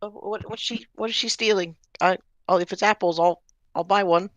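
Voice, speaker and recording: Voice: medium pitch, steady tone, normal speed, no echo, highs cut off, voice pushed up, natural voice. A player doing a stammering kind boy. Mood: eager. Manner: stammering, gentle and eager. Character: kind ten-year-old halfling boy.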